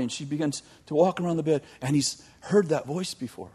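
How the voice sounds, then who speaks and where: A man telling a long story in a sermon, animated, with joking asides to his audience. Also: on the high side, a little fast, husky. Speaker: youth teacher.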